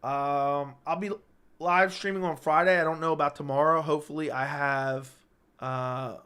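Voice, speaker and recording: A man with a slightly raised voice hosts a relaxed live-stream chat, reading viewer comments and answering them. He is stuck with hiccups, so his sentences come out halting and keep restarting. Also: a little high, clear, resonant tone. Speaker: MMA channel host.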